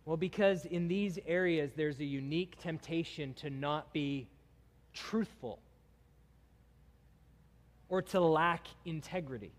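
A man's voice: fairly high pitch, takes it slowly, long pauses. A man preaching a sermon, emphatic and building intensity through his lists. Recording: long hall reverb.

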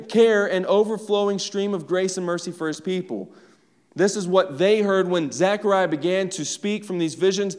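A man preaching a sermon in a conversational style, speaking directly to his congregation. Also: high-pitched. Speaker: pastor. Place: church sanctuary. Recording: long reverb of a church hall.

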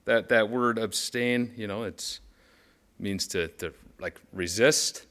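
A man's voice: fairly low pitch, slow pace, a bit bright. A man teaching as a pastor in a casual devotional style, conversational with urgent emphatic bursts when he reads Scripture.

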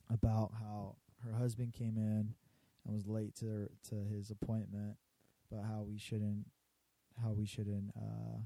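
A man tells work stories in casual, profanity-laced chat, mimicking difficult customers as he goes. His voice is dark and mellow, recorded close and dry. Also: fairly low pitch, no echo. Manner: profane, storytelling, acts out customers. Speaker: barbershop worker.

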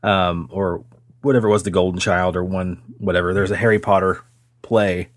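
A man's voice: sits low, steady tone, normal speed, no echo, studio quality. A man co-hosting a casual podcast, joking around, swearing, and rambling on a video call. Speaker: podcast co-host. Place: home setup on a remote call. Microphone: computer mic on a video call.

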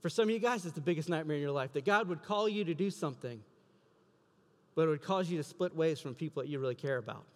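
A man preaching a sermon as a story, acting out the quoted lines with a lifted voice and more volume. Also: quick pace. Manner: acts out quoted dialogue, rising in pitch and volume. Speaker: pastor. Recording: reverberant hall.

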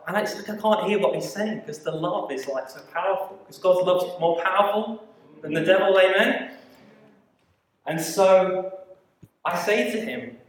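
Preacher in an echoey hall. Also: male voice, high-pitched. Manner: animated, quick asides, acts out quoted voices. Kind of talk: sermon storytelling. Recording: echoey hall, mic at a distance.

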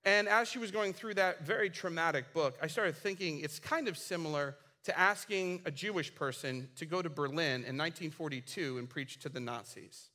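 Bright-voiced, animated male preacher. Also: a little high, normal speed, hardly any pauses. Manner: animated storytelling, acting out characters' lines; casual, with fillers and restarts. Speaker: pastor. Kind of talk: sermon.

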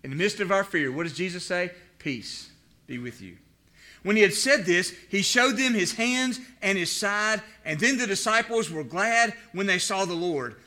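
A male pastor preaching from the pulpit, his voice pitched high for a man. The tone is bright and ringing. He reads scripture aloud and keeps turning to his listeners with questions. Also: lively intonation, normal speed, few pauses. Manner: preaching with rhetorical questions to the congregation. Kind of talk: sermon with scripture reading.

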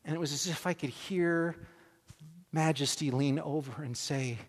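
A man preaching, telling a personal story with animated, self-deprecating humor and acting out scenes. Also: on the high side, normal speed, breathy edge, long reverb tail. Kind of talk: sermon storytelling.

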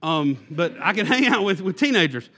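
A man's voice: high-pitched, sing-song, moderate pace, bright, forceful tone. A man who is a youth pastor, giving a sermon in a conversational, self-deprecating way, with many fillers and restarts.

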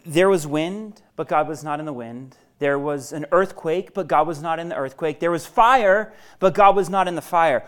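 A man preaching a sermon as pastor. He speaks conversationally to his listeners and swings from loud emphasis to a hushed near-whisper. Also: fairly high pitch, normal speed, few pauses.

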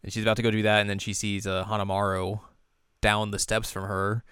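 A man casually recapping an anime episode, acting out the characters' lines in high squeaky voices. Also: little pitch movement, a little fast, a bit bright, clear, resonant tone, dry recording, clean studio sound. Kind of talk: casual reaction chat.

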